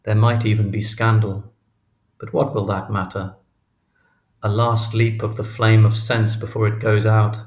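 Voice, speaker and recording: In a roomy, echoing recording, a low-voiced man narrates a literary novel as an audiobook. He follows the script in a calm, measured, even way.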